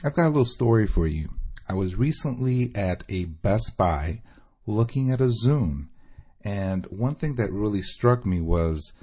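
A man's voice: fairly low pitch, lively intonation, a little slow, warm tone, husky. A man from Michigan calling into a podcast, telling a sarcastic story. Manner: chatty, sarcastic. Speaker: caller leaving a voicemail.

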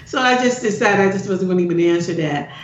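A woman's voice: lowish voice, expressive, fast. Woman chatting, muffled roomy sound, emphatic asides. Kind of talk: casual chat. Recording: echoey dull-sounding line.

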